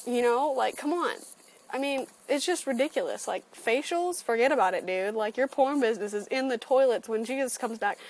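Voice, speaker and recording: A woman's voice: a little high, moderate pace, poor audio. A woman ranting sarcastically and with lots of swearing in a webcam opinion vlog. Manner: animated, sarcastic and profane ranting. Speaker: vlogger. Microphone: computer webcam.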